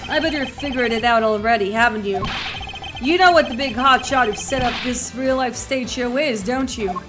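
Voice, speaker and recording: A woman's voice: fairly high pitch, normal speed, natural voice. A woman voicing a cocky, swaggering male agent with a put-on Southern US accent, reading game dialogue over music. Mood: cocky taunting. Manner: teasing, brash, drawling.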